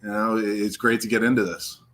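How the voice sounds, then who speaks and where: Relaxed man in joking football banter. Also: lowish voice, fairly quick. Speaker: guest co-host. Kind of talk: casual football chat.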